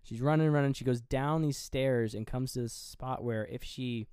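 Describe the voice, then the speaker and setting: A man's voice: mid-range voice, moderate pace, a little mellow, smooth, no echo, clean studio sound. A man co-hosting a podcast, casually retelling a horror movie scene by scene, rambling, swearing freely and laughing at himself. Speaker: podcast co-host.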